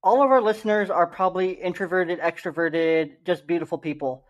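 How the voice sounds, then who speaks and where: A man's voice: high-pitched, fairly quick. A young man co-hosting a casual podcast, upbeat and joking about himself, doing the ad reads in a salesy way. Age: young adult. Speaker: podcast co-host. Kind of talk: casual podcast chat and ad read.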